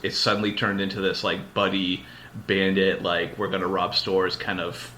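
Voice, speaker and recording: A man's voice: low-pitched, monotone, moderate pace, sharp tone, slight background noise. A man hosting a podcast, retelling a long story in casual chat, rambling and full of filler words. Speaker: podcast host.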